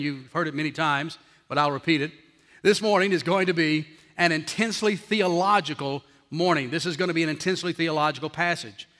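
A man preaching a sermon as pastor to his congregation, emphatic and slowing down hard on his key phrases. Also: on the high side, a bit bright. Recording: long reverb of a large hall.

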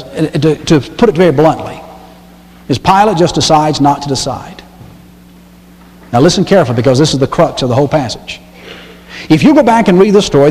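A pastor preaches with emphasis, hammering his point by repeating key phrases and reading scripture aloud. His voice sits a bit high for a man. The sound carries the long reverb of a church sanctuary. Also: a little mellow. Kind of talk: sermon.

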